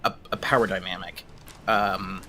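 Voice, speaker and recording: Bright-voiced hesitant male therapist. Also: sits low, fairly even intonation, moderate pace, a little hiss or hum. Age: 30s. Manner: hesitant, many restarts and fillers. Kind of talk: casual discussion.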